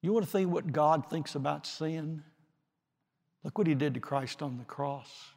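Slow, dramatic man preaching in a reverberant hall. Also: fairly high pitch, creaky. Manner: slow, dramatic preaching with long pauses, swinging from forceful to hushed. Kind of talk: sermon. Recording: long reverb of a large hall.

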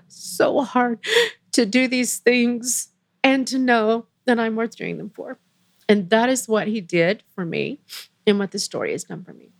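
A woman's voice: a little high, moderate pace, vocal fry, no room sound. Earnest older woman telling her story. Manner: earnest, emotional, quotes others in lively voices. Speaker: interview guest. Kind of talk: emotional personal storytelling.

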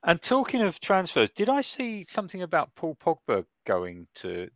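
A man's voice: sits high, wildly swooping pitch, moderate pace, fairly bright tone, no room sound. A middle-aged man hosting a casual podcast chat, laughing often. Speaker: podcast host.

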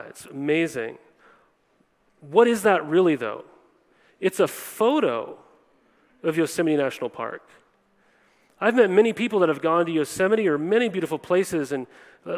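A man preaching a conversational sermon to a congregation, often acting out what people say. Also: a little high. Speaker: pastor. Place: church hall before a congregation. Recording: long reverb of a large hall.

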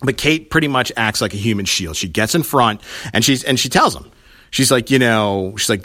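A man's voice: fairly low pitch, moderate pace, a bit bright, dry recording, clean studio sound. A man casually recapping a TV episode, rambling and retelling scenes with quoted lines.

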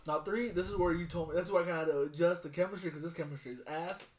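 A man co-hosting a casual sports podcast, telling stories with a lot of swearing and loud bursts when he gets excited. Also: a little high, racing. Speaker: podcast co-host.

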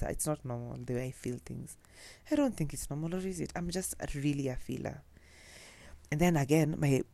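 Gravelly-voiced Kenyan woman telling stories. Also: deep voice, dark tone, dry recording. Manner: chatty, mixing in Swahili phrases, laughing often. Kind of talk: casual storytelling.

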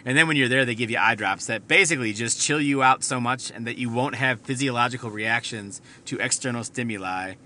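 A man's voice: medium pitch, a little fast, hardly any pauses, sharp tone, a little hiss or hum. A man hosting a podcast, telling a rambling, profane story from inside his car. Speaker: podcast host. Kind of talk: casual storytelling monologue.

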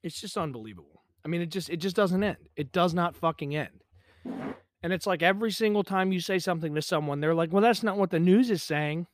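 A man's voice: sits high, a little fast, no echo, studio quality. A young man hosting a solo podcast, ranting angrily and swearing constantly, recorded in a pump house out in the countryside. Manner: profane, agitated ranting. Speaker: podcast host.

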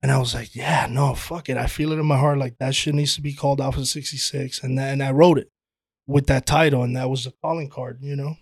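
A man's voice: mid-range voice, a little fast, slightly rough, no echo. Laid-back man telling stories in dry sound. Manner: animated storytelling, swears freely, says "dude" often. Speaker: guest, actor and playwright. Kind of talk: casual podcast chat.

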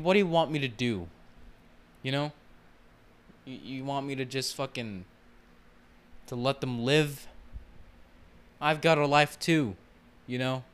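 A man's voice: medium pitch, a bit bright, a little hiss or hum. A man hosting his own podcast, ranting casually in a rambling, heavily profane way full of fillers. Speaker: podcast host. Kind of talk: casual solo rant.

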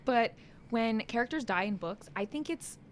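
A woman's voice: on the high side, expressive, normal speed, slight background noise. A young woman co-hosting a podcast in casual chat, chatty and giggly with lots of filler words. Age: young adult. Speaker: podcast co-host.

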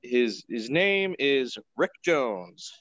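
A man of middle pitch tells a cartoon's plot in a loose, rambling way, leaning on "uh" and "like". His voice comes dry and a little muffled through a lo-fi computer mic. There is no room sound around him. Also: sing-song, extremely slow, a bit bright, dry recording. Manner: rambling, laid-back storytelling with filler words. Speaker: podcast co-host. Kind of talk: casual chat recapping a cartoon episode. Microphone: home computer mic on a video call.

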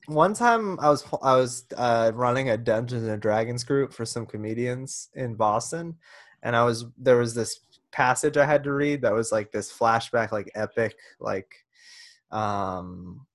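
A man's voice: mid-range voice, lively intonation, measured pace. A man chatting casually as a podcast host, telling rambling, self-deprecating stories. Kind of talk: casual comedic chat.

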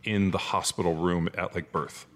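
Deep-voiced blunt man swearing freely. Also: steady tone, normal speed, long reverb tail. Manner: blunt, swears constantly, filler-heavy. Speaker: podcast co-host. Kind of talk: casual profane chat.

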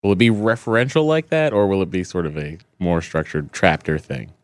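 A man's voice: low voice, a little fast, no room sound. A man from Massachusetts co-hosting a podcast, dry and sarcastic, teasing his friends. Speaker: podcast co-host. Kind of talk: casual chat.

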